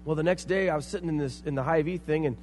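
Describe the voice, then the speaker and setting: A middle-aged man, preaching a sermon, telling stories and acting out quoted voices, then building to loud emphatic points. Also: a little high, fast talker. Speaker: pastor. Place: church sanctuary. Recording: long hall reverb, faint hum.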